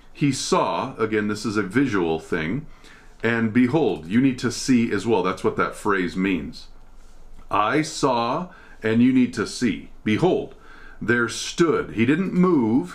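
American guy teaching bible study, chatty, thinks out loud and corrects himself. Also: medium pitch. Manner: explanatory, thinks aloud, self-correcting. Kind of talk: casual Bible study lesson.

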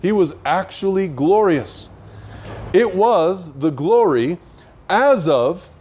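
Male Bible teacher, somewhat high voice, emphatic, keeps asking the audience questions. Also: lively intonation, takes it slowly, darkish tone, slightly rough. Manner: emphatic, asks rhetorical questions. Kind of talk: online Bible study teaching.

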